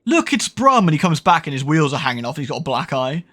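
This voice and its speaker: A man's voice: mid-range voice, rapid-fire, fairly bright tone. A British man streaming a horror game, chatting casually with viewers in a rambling, sweary way, correcting himself and laughing often. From United Kingdom. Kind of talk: casual livestream chat.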